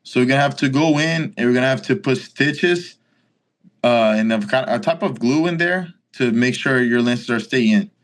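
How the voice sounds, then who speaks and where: He has a mid-range voice and talks at a moderate pace. A young Brazilian in his twenties with Portuguese as his mother tongue and a Brazilian accent, he's a guest in an interview, casually recounting a story with lively acted-out dialogue and plenty of "like."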